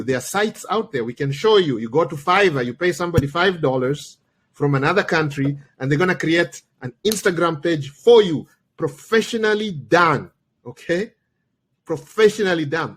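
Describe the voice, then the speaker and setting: A man's voice: on the high side, husky. Chatty man coaching a live trade. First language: not English. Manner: chatty, peppers talk with "okay?" and "guys". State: recovering from a cold, voice slightly worn. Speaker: trading coach and livestream host. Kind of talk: live trading tutorial.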